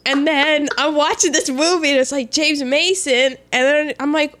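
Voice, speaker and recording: A woman's voice: sits high, fairly even intonation, moderate pace, a bit bright. A woman co-hosting a podcast, talking in a chatty, rambling, self-mocking way. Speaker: podcast co-host. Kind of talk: casual chat.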